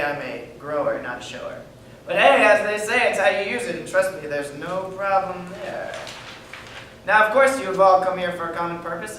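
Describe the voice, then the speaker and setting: A man's voice: high voice, fairly bright tone, slight background noise. An actor playing a brash, crude young male stand-up comedian, firing off wisecracks on stage. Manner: wisecracking, crude joke delivery. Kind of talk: stage acting in a reading. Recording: echoey room from far off.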